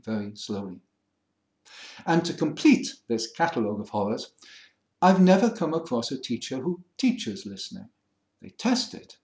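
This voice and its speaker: Educated English man with a lively voice. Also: mid-range voice, reverberant. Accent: standard English, middle-class educated. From England. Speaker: French listening teacher. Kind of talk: lecture to camera.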